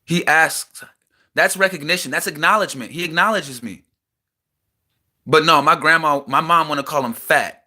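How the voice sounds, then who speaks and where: A young man pours out an emotional rant from inside a small house. His voice is bright and sharp and sits a touch high. He swings between heated, agitated bursts and quieter stretches. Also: moderate pace. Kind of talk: emotional personal rant to camera.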